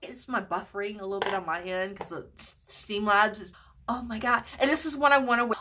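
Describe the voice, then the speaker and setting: A woman's voice: mid-range voice, steady tone, fairly quick, bright, forceful tone, a little hiss or hum. A woman chatting casually in a makeup vlog, gushing over products, swearing freely and dropping into whispers. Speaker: beauty vlogger.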